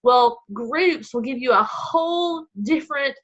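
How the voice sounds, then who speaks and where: A woman's voice: high-pitched, lively intonation, measured pace, a bit bright. A woman, casually hosting a live video call for her team, chatty and laughing easily. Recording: dull lo-fi.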